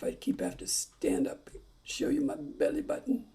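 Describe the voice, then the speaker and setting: A woman's voice: high voice, sing-song, moderate pace, vocal fry, mellow, whispered. A woman teaching a casual ukulele lesson, chatting and singing along while calling out chords.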